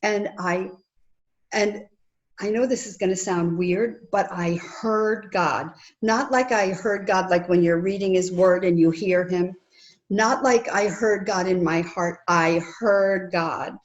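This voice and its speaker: A middle-aged woman sharing a personal faith testimony in conversation, earnest and lively, acting out remembered dialogue. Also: lowish voice, unhurried, lo-fi sound. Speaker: guest sharing her testimony. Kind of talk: conversational storytelling.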